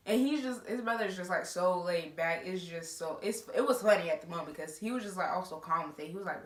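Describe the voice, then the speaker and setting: A young woman casually telling a school story on her vlog, animated and quick to laugh, with slangy asides. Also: on the low side. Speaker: storytime vlogger. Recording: roomy echo.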